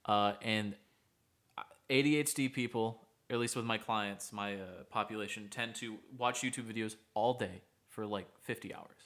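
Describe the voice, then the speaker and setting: A man co-hosting a podcast, a therapist speaking in an earnest, measured, advising way in casual chat. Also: on the low side, fairly bright tone.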